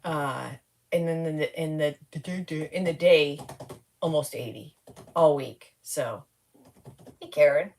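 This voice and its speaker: Female live-stream host, low-pitched, worn out and giddy, chatting loosely with viewers. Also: slow, pauses often, darkish tone. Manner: rambling, chatty, greets viewers by name. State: tired, slap-happy. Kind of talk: casual live stream chat.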